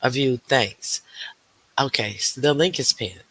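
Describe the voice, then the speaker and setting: Male livestream host, relaxed unhurried pace, bright tense tone, chatty, greets viewers one by one. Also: medium pitch, husky, dry recording. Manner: greets viewers by name, chatty with many fillers. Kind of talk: casual livestream chat.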